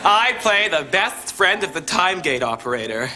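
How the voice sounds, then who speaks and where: A man playing a campy, wry gay Canadian actor giving a comic monologue with a deadpan delivery. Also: sits high, normal speed, exaggerated voice. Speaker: sketch comedy performer. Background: loud audience laughter and music.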